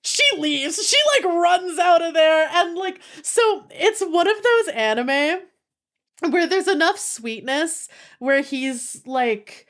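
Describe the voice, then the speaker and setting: A woman's voice: very high-pitched, takes it slowly, fairly bright tone. A young woman streamer chatting casually with her viewers, gushing and giggling, with lots of "like" in her speech. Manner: giggly, breaks into laughter. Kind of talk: casual chat with live viewers.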